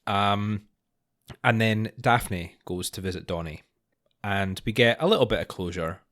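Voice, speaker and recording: Deep-voiced laid-back podcast host. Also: male voice, a little slow. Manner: relaxed, laughs often, trails off softly. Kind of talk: casual chat.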